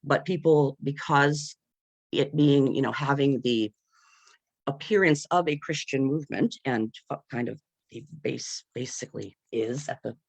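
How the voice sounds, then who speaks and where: An earnest panel speaker talks in halting bursts, stopping to search for words and filling gaps with lots of fillers. The voice has a gravelly, creaky edge and sits in a middle pitch. It comes over a video call with a dry, close sound and no room echo. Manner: earnest, with nervous laughs. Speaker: panel speaker at a campaign discussion. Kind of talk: unscripted discussion.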